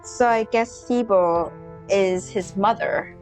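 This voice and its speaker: A woman streamer chatting casually through a story game, quick asides and restarts. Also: medium pitch, darkish tone, soft background music. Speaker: let's play streamer.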